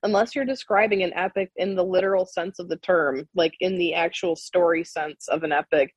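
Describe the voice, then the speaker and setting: A young American woman with a husky, lowish voice talks bluntly and swears freely. She chats casually on a podcast, recorded dry and close. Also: steady tone, a little fast, dry recording, highs cut off. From United States. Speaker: podcast co-host. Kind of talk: casual chat.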